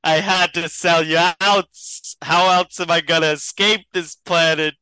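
A man's voice: a little high, fairly even intonation, measured pace, bright, forceful tone, clean tone, pitched above the performer's own voice, rough recording. A man voicing a treacherous man who sells out his friends, with an apologetic, sly manner.

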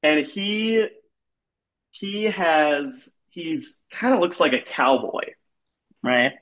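A man telling a rambling comic story in a halting way, full of "like" and restarts, as he describes absurd scenes. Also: fairly high pitch, lively intonation, fairly bright tone.

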